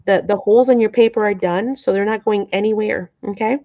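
On a dull lo-fi recording, a middle-aged woman runs a live craft tutorial, talking at a fairly quick clip in a mellow, steady, medium-pitched voice. She's chatty, a little flustered, and frequently checks in with viewers. The camera framing rattles her, making her apologetic.

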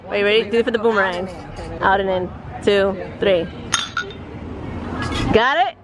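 A woman's voice: mid-range voice, measured pace, noisy background. A young woman casually vlogging with her partner, playful and teasing, laughing often. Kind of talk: casual couple vlog chat.

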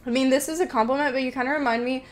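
Woman, gaming stream, chatty, jittery, jokey, a little high-pitched. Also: steady tone, very fast. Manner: chatty, talks to chat, nervously jokey. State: jittery, scared. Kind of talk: live-streamed game commentary.

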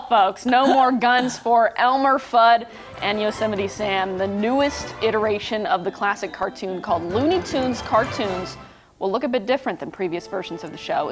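A young woman delivers entertainment headlines on a morning show, then slips into chatty banter with her co-hosts. Her voice sits a bit high, bright and easy. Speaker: entertainment news anchor. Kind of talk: morning news reading with banter.

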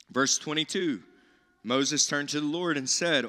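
A man preaching a sermon in a church, animated, with rising emphasis and paraphrased voices of biblical people. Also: a little high, a little slow. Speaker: pastor. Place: church sanctuary. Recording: church hall reverb.

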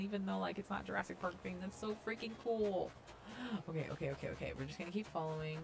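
A young woman casually commenting as she tours a video game island, gushing and gasping with excitement. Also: a little high, fairly quick, vocal fry. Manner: gushing, excited, lots of gasps and "oh my God". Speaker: gaming vlogger touring a fan-made island.

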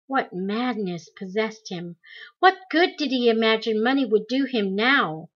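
A woman reading a memoir aloud in slow, deliberate storytelling. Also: a little high, animated, a bit bright, dull audio. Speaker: audiobook reader.

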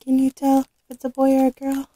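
A woman with a sore, recovering throat, chatting casually as she unboxes a doll, halting with frequent ums. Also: high voice, completely flat delivery, dark tone, dry recording, low-quality recording. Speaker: vlogger unboxing a reborn doll.

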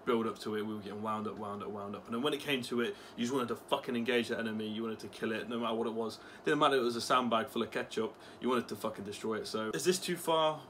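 A man's voice: lowish voice, fast, hardly any pauses, a bit bright, slight background noise. A young man, an ex-soldier vlogger, talking casually with swearing and lots of fillers. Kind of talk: casual commentary vlog.

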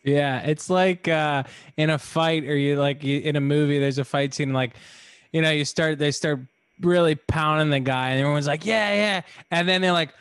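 A man hosting a comedy podcast, chiming in with loud, laughing asides in casual chat. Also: a little high, steady tone, normal speed, clean tone, no room sound. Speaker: podcast host.

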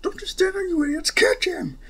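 A man voicing a furious man who yells frantically at his bumbling underlings. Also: very animated, moderate pace. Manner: shouting, shrill and frantic.

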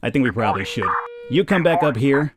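A young man casually commentating a game, chatty and quick to laugh. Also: medium pitch, expressive, very noisy. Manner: chatty, laughs at callers, talks to units. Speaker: let's play host.

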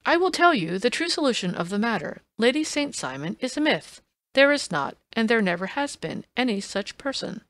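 A woman's voice: on the high side, very animated, a bit bright, dry recording. Woman doing a wry, ironic detective. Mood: measured. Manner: dry, teasing, measured. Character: cool, ironic male detective, quietly amused. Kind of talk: audiobook reading.

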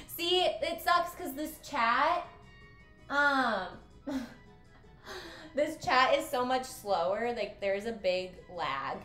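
A bright, high-pitched woman chats through a game stream in an easy, unhurried way, her voice leaping up and down as she gets excited. She giggles and breaks into sudden squeals. The room is echoey, with faint music behind her. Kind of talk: casual gameplay commentary.

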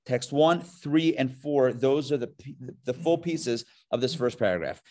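A man's voice: mid-range voice, lively intonation, moderate pace. A male rabbi teaching a live class, joking and drawing questions from the room. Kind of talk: live interactive lesson. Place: classroom before a live audience.

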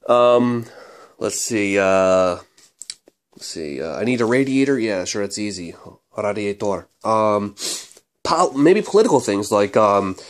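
A man giving a casual book review, chatty and hesitant, with many fillers and restarts and wry offhand asides. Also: medium pitch.

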